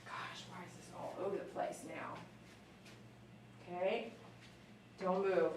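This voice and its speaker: A woman's voice: lowish voice, fairly even intonation, slow, a little mellow, a little hiss or hum. Chatty woman groomer in an echoey room. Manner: chatty, talks to the dog in a sing-song coaxing voice. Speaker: dog groomer. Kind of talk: casual live-stream chat while grooming. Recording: very echoey room, mic at a distance.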